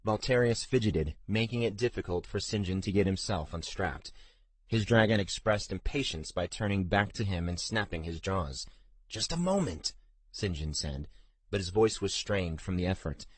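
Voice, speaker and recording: Deep-voiced man narrating a fantasy audiobook. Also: moderate pace, no echo.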